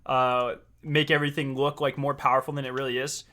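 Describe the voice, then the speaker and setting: A young man streaming live, reacting in an excitable, profane way with frequent laughs. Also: mid-range voice, brisk, background noise.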